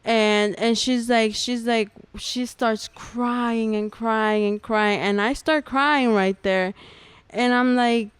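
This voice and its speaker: A woman's voice: a little high, fairly even intonation, slow, clear, resonant tone, no echo. A young adult woman, a podcast guest, giving an earnest personal testimony in casual talk, full of "like" fillers. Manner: earnest storytelling, many "like" fillers.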